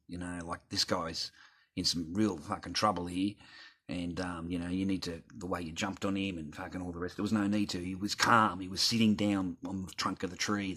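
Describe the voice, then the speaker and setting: A low-pitched Australian man with a rough, husky voice, talking straight to his audience. He rambles through a story in a loose, casual way and swears in nearly every sentence. He sounds middle-aged. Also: fairly bright tone. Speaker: channel host. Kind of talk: casual rant to viewers.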